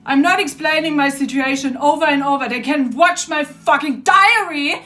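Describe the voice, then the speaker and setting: A young woman, ranting in a video diary, agitated and profane, dropping to low mutters and rising to shouts. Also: moderate pace. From Germany. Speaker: vlogger.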